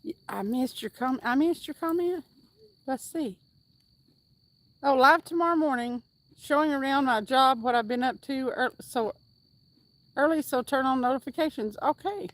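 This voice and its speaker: A woman with a high-pitched voice speaks at a moderate pace, pausing often, and there's no room sound. Hosting a casual livestream while fishing by the water, she reads viewer comments in an upbeat, chatty style and whoops every so often.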